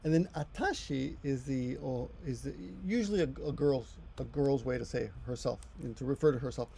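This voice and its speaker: There's a warm, creaky quality to this middle-aged man's medium-pitched voice as he explains Japanese at normal speed in a casual lesson. He rambles, corrects himself, and chats on the side, with slight background noise present.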